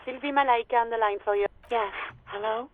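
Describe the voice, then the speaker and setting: Young woman on a crackly radio, high-ish voice, polite but kinda tired, music under it. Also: a little fast. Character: young woman answering over a radio line. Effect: radio line. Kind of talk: voiced game dialogue. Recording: tinny radio line with music.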